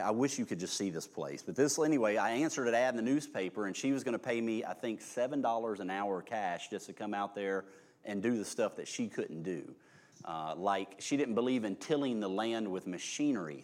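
A man's voice: lowish voice, normal speed, darkish tone. A man preaching a sermon, reading scripture aloud with rising emphasis and breaking off into folksy, joking asides to his congregation.

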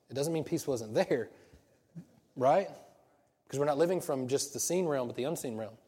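Husky-voiced man preaching in a reverberant hall. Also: medium pitch, moderate pace, pauses often, warm tone. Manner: conversational preaching with rhetorical questions and restarts. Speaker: pastor. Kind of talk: sermon.

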